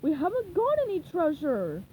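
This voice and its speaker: A woman voicing a cranky male cartoon squid who snarls indignantly, pitched above her reading voice and loud. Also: huge pitch swings, moderate pace, narrow, tinny audio, a little hiss or hum, full character voice.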